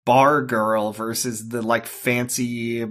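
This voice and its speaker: A man's voice: mid-range voice, level tone, fairly bright tone. A man co-hosting a podcast, rambling and exasperated as he recaps a TV episode. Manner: rambling, exasperated, halting with fillers. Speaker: podcast co-host. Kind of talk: casual chat recapping a TV episode.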